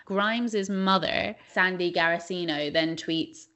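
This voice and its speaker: A young woman co-hosting a podcast, telling stories in a chatty, animated way with many fillers. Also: on the low side, unhurried. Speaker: podcast co-host. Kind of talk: casual chat.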